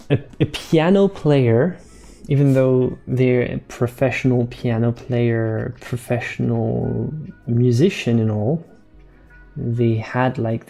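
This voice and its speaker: A man painting live on stream, talking softly and slowly to his chat and repeating words as he works, with faint music behind him. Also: mid-range voice. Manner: soft-spoken, slow, repeats words while painting.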